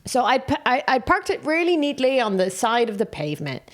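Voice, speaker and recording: Animated Dutch woman telling a comic story. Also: on the high side, brisk. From Netherlands. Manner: animated storytelling, laughs often. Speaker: comedian podcast co-host. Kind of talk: casual comedic chat.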